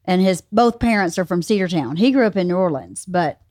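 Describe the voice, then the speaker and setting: A woman from Georgia, a guest on her husband's podcast, telling stories in a chatty, animated way. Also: lowish voice, fairly quick, dry recording, studio quality. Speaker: podcast guest, host's wife. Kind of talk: casual chat.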